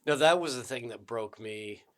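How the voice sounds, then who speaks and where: A man's voice: mid-range voice, moderate pace. A man hosting a podcast, talking reflectively in casual conversation and stammering at times. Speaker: podcast host.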